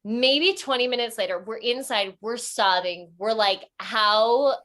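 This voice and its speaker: A young woman tells a funny story in a bright, forceful voice pitched a little high. She acts out the people she quotes and jumps into sudden squeals. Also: normal speed. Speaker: storytelling guest. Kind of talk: casual comic storytelling.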